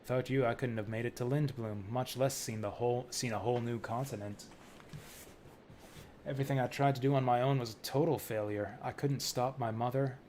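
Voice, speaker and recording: A man's voice: medium pitch, fairly even intonation, brisk, darkish tone, a little hiss or hum, close to an everyday voice. Earnest young princess, self-doubting, plain mid-range voice, read by a man from a game script. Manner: reading game dialogue aloud in his own voice.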